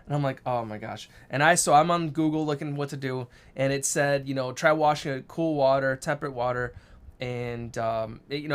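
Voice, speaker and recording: A man co-hosting a casual live show, telling a family story in a brisk, animated way. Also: medium pitch. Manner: storytelling, acts out quotes, brisk. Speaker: co-host. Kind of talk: casual live-stream chat.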